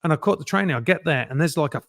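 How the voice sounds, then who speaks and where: A middle-aged man, a guest telling lively anecdotes and acting out other people's lines in a casual interview. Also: fairly high pitch, racing, no room sound, clean studio sound. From England.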